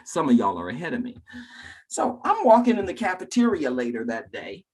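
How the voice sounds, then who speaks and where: A man delivering a keynote to a room of teachers, his delivery lively and swooping. His voice carries a husky edge as he speaks straight to the audience, storyteller style. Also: on the high side, a little fast. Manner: dramatic storyteller who acts out voices; talks directly to the audience.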